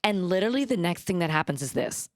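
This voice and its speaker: A woman's voice: on the low side, fast talker, no echo. A woman in her thirties, co-hosting a casual chat, tells stories with plenty of life and slips into voices when she quotes people. The sound is close and dry, with no room around it. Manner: animated storytelling with quoted voices. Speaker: podcast co-host.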